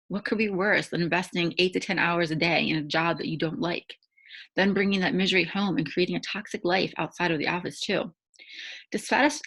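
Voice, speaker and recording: Woman, devotional teaching talk, husky low voice, conversational, tag questions. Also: a bit bright, low-quality recording. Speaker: faith-based challenge host.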